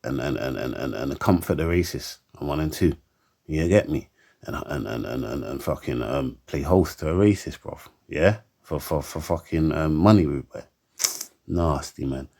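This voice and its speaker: Deep-voiced man, heated rant to camera, repetitive and stammering. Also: animated, moderate pace, gravelly, a little mellow. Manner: heated and emphatic, keeps asking for agreement; stammers and repeats words. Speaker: commentator.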